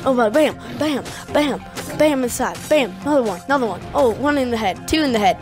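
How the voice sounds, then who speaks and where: A high-pitched woman talks through her gameplay in an excitable, casual way. She keeps retelling the action by quoting her own reactions, and music plays clearly behind her. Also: fairly quick. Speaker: gaming video creator.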